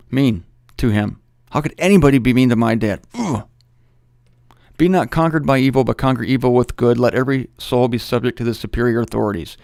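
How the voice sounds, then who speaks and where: A middle-aged man teaches the Bible in a loose, conversational way, joking as he goes and pausing to correct himself. His voice sits at an ordinary pitch for a man. The recording is dry, with no room sound. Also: vocal fry, darkish tone, no room sound.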